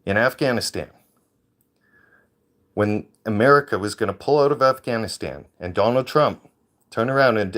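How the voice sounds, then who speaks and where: A man's voice: lowish voice, a bit bright. A man ranting in a heated, profane way into a handheld phone on a livestream. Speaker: veteran livestreamer. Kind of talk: angry livestream rant.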